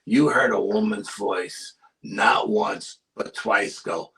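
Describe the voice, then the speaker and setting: This guest, a paranormal and cryptid investigator with a New York accent, has a fairly low, creaky voice and a slow pace. Sharing an eerie field tale in a relaxed interview, he performs the voices of the people involved and lowers to whispers for effect.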